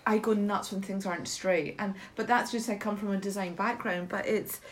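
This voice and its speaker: A woman's voice: mid-range voice, steady tone, moderate pace. Chatty self-mocking British woman. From Britain. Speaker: guest mentor. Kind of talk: casual chat.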